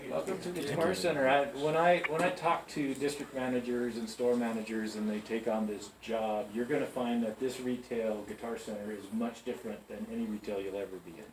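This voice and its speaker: A man's voice: mid-range voice, moderate pace, darkish tone, recorded from a distance. Man, chatty pep talk to staff, echoey store, heard from afar, faint hum behind. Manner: chatty, keeps checking in with listeners. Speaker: company manager speaking to new store staff. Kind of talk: storytelling pep talk to a group. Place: large music store indoors.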